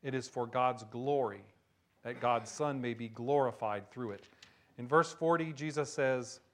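A male pastor preaching a sermon, shifting between hushed emphasis and loud, excited storytelling. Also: mid-range voice, a little slow.

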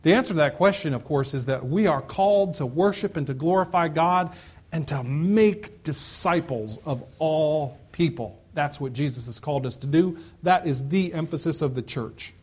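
A man's voice: a little high, normal speed, darkish tone, husky. A man preaching a sermon as pastor, earnest and emphatic, repeating key phrases for weight.

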